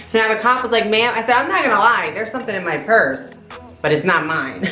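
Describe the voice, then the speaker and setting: A woman vlogger casually telling a story in an animated way, swearing freely. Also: mid-range voice, brisk. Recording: roomy with faint music.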